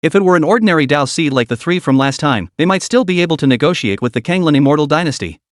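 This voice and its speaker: A man narrating a fantasy story in steady scripted narration. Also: quick pace, no room sound, studio quality. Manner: steady storytelling with animated pitch.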